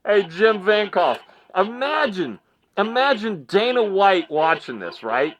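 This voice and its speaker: A man's voice: sits high, very animated, slow, a bit bright, highs cut off. A man giving mocking commentary in a vlog, laughing often and repeating phrases like a ring announcer. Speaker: online commentary vlogger.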